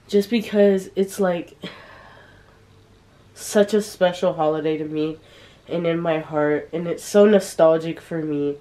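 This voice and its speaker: A woman's voice: fairly low pitch, steady tone, takes it slowly, pauses often, warm tone. A young woman at home, vlogging casually to a handheld camera held at arm's length, chatty and confiding and full of fillers. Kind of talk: casual vlog chat to camera. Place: at home indoors.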